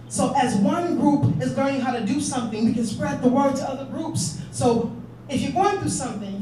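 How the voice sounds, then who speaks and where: A woman's voice: a little high, mellow, a little hiss or hum. A woman giving an earnest conference speech and urging the audience with questions. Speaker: conference speaker. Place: conference hall. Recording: echoey hall, distant mic.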